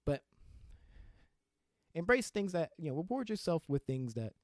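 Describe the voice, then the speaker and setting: A man's voice: fairly high pitch, big pitch swings, moderate pace, no room sound, clean studio sound. A young adult man hosting his own podcast, talking candidly and with self-deprecating humor in a solo rant, often breaking into laughter. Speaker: podcast host.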